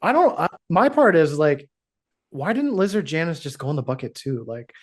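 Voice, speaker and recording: A man with a slightly higher voice hosts a podcast recap in a studio. He tells the story with lively energy and jumps into quick voices for each character as he goes. It is casual, chatty storytelling. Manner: animated storyteller who acts out character lines. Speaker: podcast host.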